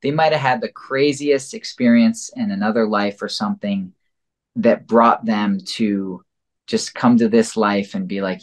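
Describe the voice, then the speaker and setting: A man's voice: fairly low pitch, steady tone, measured pace. A man speaking as a guest in a casual interview, rambling and reflective, with many filler words. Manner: rambling and reflective, heavy use of "like" and "you know". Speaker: podcast guest.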